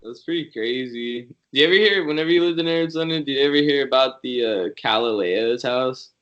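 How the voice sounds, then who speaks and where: A male podcast co-host chatting casually. His voice is mid-pitched, and he talks in a loose, laid-back way with casual swearing. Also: brisk, a bit bright, lo-fi sound. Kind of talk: casual chat.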